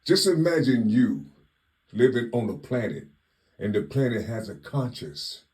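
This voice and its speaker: A man giving a slow spiritual monologue, asking drawn-out rhetorical questions and repeating "you see" constantly. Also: medium pitch, sing-song, darkish tone. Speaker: spiritual teacher.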